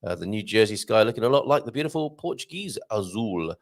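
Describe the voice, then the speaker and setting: Man, live-stream host, gravelly voice, lively up-and-down pitch, chatty and giggly. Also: fairly quick. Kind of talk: live-stream chat with viewers.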